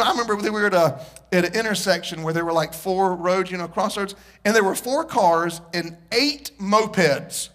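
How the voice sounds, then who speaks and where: A man preaching a sermon to his congregation, joking and telling stories as he goes. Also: high voice. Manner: animated, joking storyteller with the congregation. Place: church.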